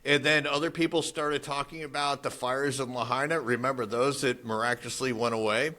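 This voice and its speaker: A man co-hosting a casual podcast, talking in an animated way and mimicking other voices mid-story. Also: medium pitch, brisk. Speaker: podcast co-host. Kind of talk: casual chat.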